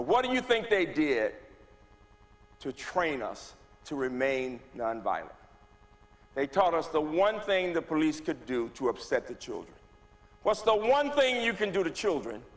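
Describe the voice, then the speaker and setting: A man, giving a personal testimony as a guest speaker, moving from hushed tones to rising, forceful delivery. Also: a little high. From Birmingham, Alabama. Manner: dramatic storyteller, swings from hushed to rising loud. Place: church. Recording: long reverb of a church hall.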